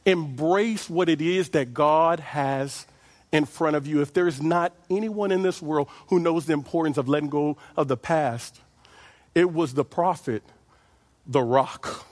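A man preaching a sermon as pastor, animated and lively, stretching out his phrases and chuckling as he goes. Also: on the high side, a little slow. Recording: long hall reverb.

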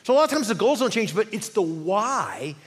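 A middle-aged male pastor preaches with lively energy, firing off rhetorical questions and acting out little quotes. His voice sits a bit higher than most men's. The sound carries a long church-hall reverb. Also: fairly quick, husky. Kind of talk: sermon. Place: church sanctuary.

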